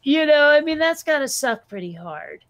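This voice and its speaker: A woman with a fairly high voice chats loosely on a podcast, slipping into a drawling Valley Girl manner. She rambles with lots of fillers and crude jokes. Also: sing-song, normal speed, fairly bright tone, dry recording. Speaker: podcast co-host. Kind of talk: casual chat.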